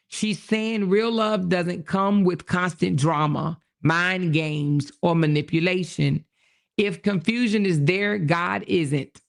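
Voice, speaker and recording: A woman hosting a casual livestream, reacting to chat with quick exclamations and reading messages aloud, with features. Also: lowish voice, vocal fry. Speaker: livestream host.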